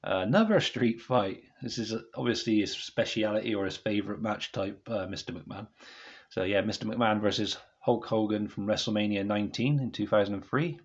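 Man with a low, dull-sounding voice. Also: brisk. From United Kingdom. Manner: rambling, keeps apologising to viewers. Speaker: DVD reviewer. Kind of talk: casual review to camera.

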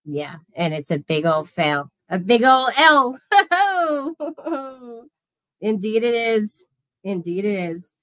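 A woman's voice: mid-range voice, animated, a little slow, a bit bright, no room sound. A woman in her thirties hosting a casual livestream, effusively thanking viewers by name. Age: 30s. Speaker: livestream host.

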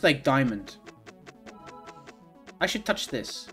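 A man streaming himself playing a video game, reacting out loud and swinging from low mumbles to sudden outbursts with lots of swearing. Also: slow, faint music behind. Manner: excitable, profane, swings from mumbling to yelling. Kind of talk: live gaming commentary.

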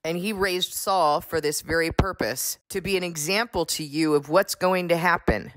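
A woman delivers a stern sermon in a low, grounded voice that climbs when she pushes her point. She keeps hammering her listeners with rhetorical questions. The recording is dry and close, with no room sound. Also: moderate pace, no echo. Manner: forceful rhetorical questions, rising pitch when pressing the point. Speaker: preacher.

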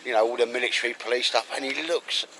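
A man's voice: medium pitch, quick pace, sharp tone, a little hiss or hum, low-quality recording. A middle-aged man, chatting casually with a friend outdoors, rambling and calling people mate. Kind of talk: casual chat. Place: outdoors in woodland.

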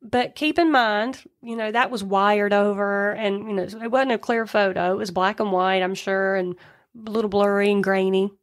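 A woman's voice: mid-range voice, steady tone, normal speed. A woman co-hosting a podcast, retelling a true-crime case in a chatty way with asides. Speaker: podcast co-host.

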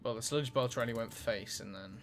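A man's voice: medium pitch, brisk. A man casually commentating his own card game match, thinking aloud as he plays. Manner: relaxed, thinking aloud while playing. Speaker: gameplay commentator. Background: game music.

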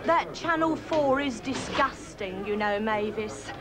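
A woman's voice: fairly high pitch, animated, takes it slowly, music in the background, crowd noise. A woman playing a prim, disapproving middle-aged housewife gossiping in a comedy sketch. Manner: disapproving, prissy.

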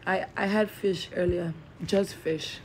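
A young woman chatting slowly and playfully on a late-night livestream, her voice tired and a little croaky. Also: lowish voice, steady tone, slight background noise. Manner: slow, drawling, playful. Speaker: livestreamer reading comments. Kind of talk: late-night live stream chat.

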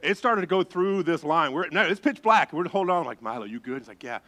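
A male pastor preaching a sermon, telling a story with lively turns and hushed, suspenseful drops. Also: sits high, quick pace.

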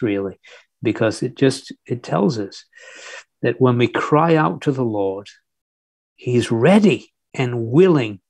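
A man's voice: mid-range voice, darkish tone, no room sound. Fervent male preacher, dry sound. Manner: earnest, fervent exhortation with repeated restarts. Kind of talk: sermon.

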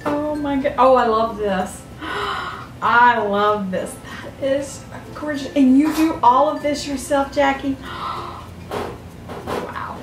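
An older woman, chatting to camera as a vlogger opening fan mail, gasping and gushing with excitement. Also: high-pitched, slow, background noise. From Southern United States. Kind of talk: casual chat to camera. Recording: echoey room, mic a bit far off.

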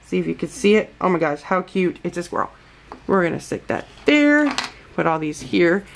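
A woman's voice: fairly low pitch, very animated, normal speed, vocal fry, a little hiss or hum. A woman vlogger from the United States chatting casually through a toy unboxing, gushing and calling her viewers guys.

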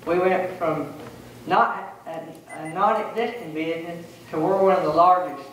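A man's voice: on the high side, fairly even intonation, normal speed, a bit bright, a little hiss or hum. A man, a mayoral candidate giving a determined, plain-spoken forum speech. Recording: echoey room, mic far off.

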